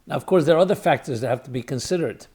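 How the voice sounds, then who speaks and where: A rabbi and podcast host delivers an emphatic lecture in a rapid-fire, husky voice that sits on the high side and sounds a little mellow. He repeats key words for stress and weighs arguments aloud through rhetorical questions.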